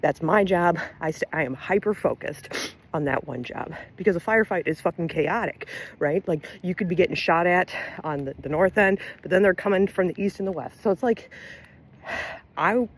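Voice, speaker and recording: A woman's voice: on the low side, normal speed. Giggly, swearing Southern woman vlogger. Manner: laughing often, blunt and profane, bursts of emphasis. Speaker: LGBTQ resource center director and Army veteran. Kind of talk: casual direct-to-camera rant.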